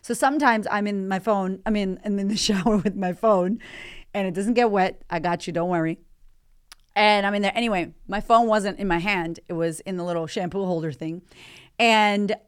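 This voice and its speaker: Smooth-voiced woman hosting a candid podcast. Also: medium pitch, normal speed. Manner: energetic, candid, swears freely. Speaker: podcast host and life coach. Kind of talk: motivational podcast monologue.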